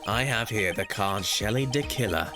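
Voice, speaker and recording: A man's voice: on the low side, normal speed, voice pushed down, natural voice. A man voicing a haughty young male prosecutor, speaking in a clipped, superior way over game music. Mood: cold, haughty.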